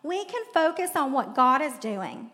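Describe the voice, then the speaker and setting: A woman's voice: sits high, big pitch swings, a little slow, a bit bright. A woman preaching a sermon in a church, talking in a chatty way with laughing asides and questions to the congregation. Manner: conversational, laughing asides, audience prompts. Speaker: pastor's wife preaching. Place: church sanctuary. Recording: long hall reverb.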